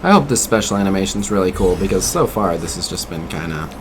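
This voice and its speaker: A man's voice: low-pitched, animated, quick pace, noisy background. A man streaming a mobile game, chatting casually and critiquing what he sees while answering viewers. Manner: chatty, mildly critical, reacts to viewer chat. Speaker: gaming streamer. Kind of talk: casual gameplay commentary.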